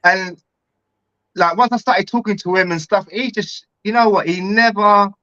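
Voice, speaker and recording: A man's voice: high-pitched, fairly even intonation, moderate pace, pushed and bright, no room sound, muffled recording. A middle-aged man talking in a casual chat, earnest and heartfelt, with lots of slang.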